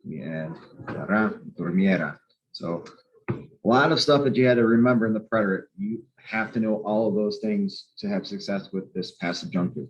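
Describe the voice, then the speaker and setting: A male teacher walks through grammar patiently, circling back to repeat the key points. His voice sits on the low side. The recording sounds a little dull and lo-fi. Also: normal speed. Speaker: Spanish teacher. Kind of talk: explaining grammar lesson.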